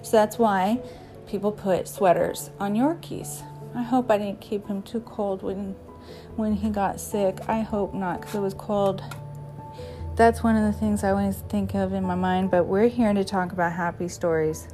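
A woman's voice: mid-range voice, fairly even intonation, moderate pace, music in the background. A woman hosting an episode, telling rambling stories in a chatty, casual way and chuckling now and then. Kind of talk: casual storytelling.

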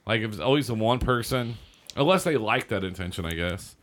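Man, casual chat, low voice, lively pitch, blunt, rambling. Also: a little fast. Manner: blunt, rambling with frequent likes.

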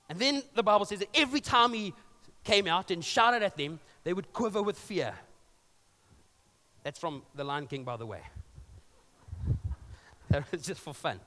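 A man's voice: high-pitched, big pitch swings, normal speed, long pauses, fairly bright tone. A male pastor preaching a sermon, telling a story conversationally with joking asides. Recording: long reverb of a large hall.

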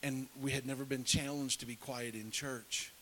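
A man's voice: mid-range voice, steady tone, normal speed, fairly bright tone, low-quality recording. A middle-aged man preaching, telling a story with animation and dropping to a whisper to act out scenes. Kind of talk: sermon storytelling. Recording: faint hiss.

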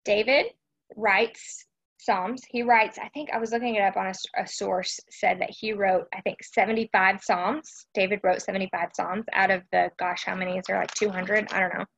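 A woman's voice: medium pitch, steady tone, moderate pace, gravelly, fairly bright tone, muffled recording. A woman from Texas, hosting a casual devotional live stream chat and often checking in with her listeners. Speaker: host of a faith chat.

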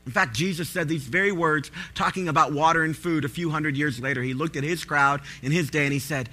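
A pastor delivering a sermon, his voice sitting high and ringing with a very bright edge. He tells stories in an animated way and breaks into loud, pleading bursts. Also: brisk, hardly any pauses.

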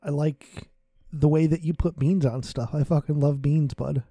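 A man's voice: fairly high pitch, fairly even intonation, moderate pace, dark tone, no room sound. A man co-hosting a casual comedy podcast. He riffs with crude jokes and tells tangents. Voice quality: crude, riffing humor. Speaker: podcast co-host.

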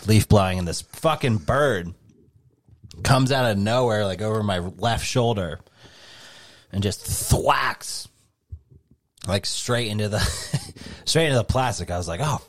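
A man's voice: fairly low pitch, unhurried, long pauses, dry recording. A man co-hosting a podcast, telling a rambling, swear-heavy story in casual chat. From New England. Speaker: podcast co-host.

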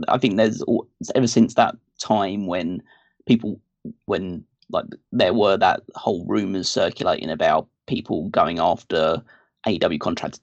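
A man's voice: low-pitched, vocal fry, no echo, lo-fi sound. A man co-hosting a podcast, chatting casually in a rambling way full of restarts and fillers. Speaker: podcast co-host. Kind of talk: casual wrestling discussion.

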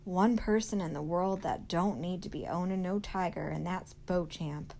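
A woman's voice: fairly low pitch, normal speed, creaky, a little mellow, a little hiss or hum. Woman reading as a blunt, plainspoken older woman.

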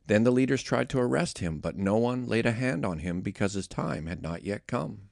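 A man narrating a scripture reading in a steady, measured way. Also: lowish voice, gravelly, no echo, clean studio sound. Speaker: scripture reader.

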